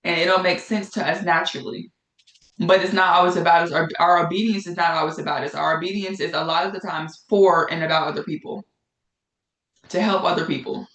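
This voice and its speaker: A woman's voice: fairly low pitch, steady tone, brisk, fairly bright tone. Give me a woman teaching a casual Bible study, conversational and repetitive, in an echoey room. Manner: conversational, repeats phrases for emphasis.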